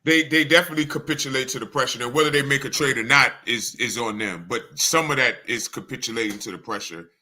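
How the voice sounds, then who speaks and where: A man's voice: medium pitch, fast talker, hardly any pauses, pushed and bright. A man co-hosting a sports podcast, laying out a reasoned, methodical argument. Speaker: podcast co-host. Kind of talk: sports debate monologue.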